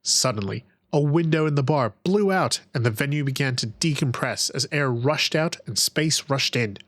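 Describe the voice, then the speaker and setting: A man narrating a sci-fi audiobook in a measured, even storytelling manner, on a close microphone. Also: fairly high pitch, no echo, rough recording.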